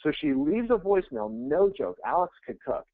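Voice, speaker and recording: Male sales coach, webinar, upper-leaning pitch, brash and conversational. Lo-fi phone-band audio. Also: moderate pace, no room sound. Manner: energetic, conversational, blunt and self-interrupting. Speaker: real estate sales coach. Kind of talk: webinar presentation.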